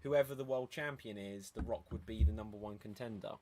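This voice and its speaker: A man's voice: fairly low pitch, brisk, mellow, slight background noise. A man hosting a casual podcast, steering the talk with questions and hesitant fillers. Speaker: podcast host.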